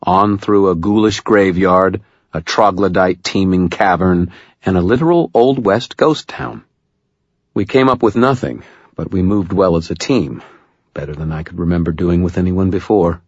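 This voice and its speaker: Male audiobook narrator, very low, husky voice, dry wry delivery, muffled recording. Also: no echo. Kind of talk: first-person scripted narration.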